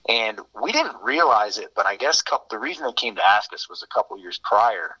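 A man's voice: fairly low pitch, big pitch swings, fairly quick, sharp tone, slightly rough. A man telling fraternity-days stories in a rambling, laid-back way, heard over a muffled remote line. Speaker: interview guest. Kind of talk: casual storytelling.

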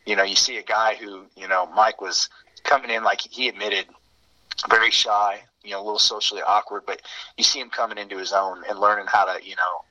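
A man's voice: on the low side, fairly even intonation, a little fast, bright, forceful tone. A man telling fraternity-days stories in a rambling, laid-back way, heard over a muffled remote line. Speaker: interview guest. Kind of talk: casual storytelling.

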